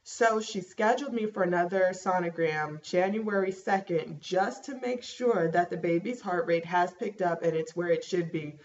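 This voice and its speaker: A young woman in a casual home vlog, chatting through a pregnancy update with plenty of fillers and lively storytelling. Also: fairly low pitch, normal speed, hardly any pauses. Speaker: vlogger. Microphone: laptop webcam mic. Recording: dull laptop mic with faint hiss.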